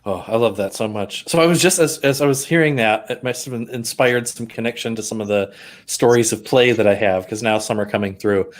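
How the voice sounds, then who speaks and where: A man's voice: lowish voice, a little fast. Rambling, hesitant man in casual chat. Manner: rambling, hesitant, with fillers and restarts. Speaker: podcast co-host.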